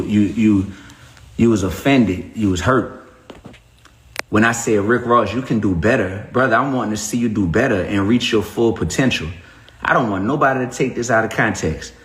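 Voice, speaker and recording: A man speaks on a phone livestream in a fairly low voice. He presses his points emphatically, like a preacher, and breaks off to greet viewers. The room adds a noticeable echo. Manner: preachy, emphatic, shout-outs to chat. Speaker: rapper on a livestream. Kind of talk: casual livestream talk to viewers.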